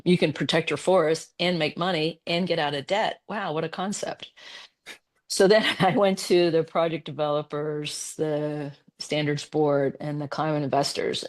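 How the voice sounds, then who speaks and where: Low-voiced woman telling a story. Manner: animated, retells conversations in quoted voices. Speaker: guest, business executive. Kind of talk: casual interview storytelling.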